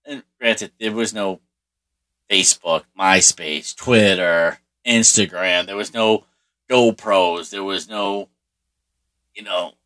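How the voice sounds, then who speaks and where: Deep, bright-toned man. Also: slow. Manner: rambling, profane, with many restarts and fillers. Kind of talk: casual storytelling monologue.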